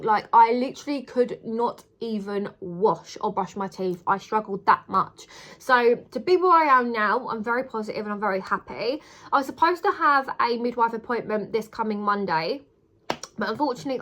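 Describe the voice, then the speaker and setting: A woman's voice: on the high side, fairly bright tone. Gushing young woman vlogger. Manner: gushing, emotional, repeats words for emphasis. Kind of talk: casual chat to camera.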